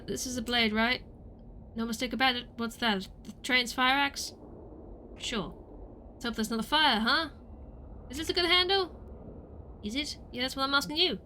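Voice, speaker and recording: A woman's voice: fairly high pitch, bright, forceful tone, a little hiss or hum. A woman streamer playing a game, joking and talking to herself with rambling questions. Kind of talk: casual game let's play.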